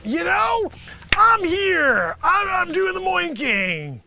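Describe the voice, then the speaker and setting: A man doing an improvised comedy monologue, rambling and animated, sometimes shouting. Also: very high-pitched, takes it slowly, over music. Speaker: comedian host. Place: home studio with green screen.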